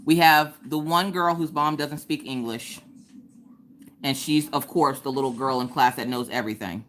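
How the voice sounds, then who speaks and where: A woman in her thirties hosting a live crafting stream, telling stories in a lively, chatty, colloquial way. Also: a bass voice, moderate pace, slight background noise. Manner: animated, chatty storyteller, colloquial. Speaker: craft livestream host. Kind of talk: casual chat and storytelling. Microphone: streaming from home.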